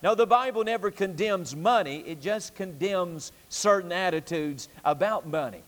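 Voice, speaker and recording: A man preaching a sermon with a high, ringing voice and a drumming, repetitive cadence. His words hang in the long reverb of a church sanctuary. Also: lively intonation, moderate pace. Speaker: pastor.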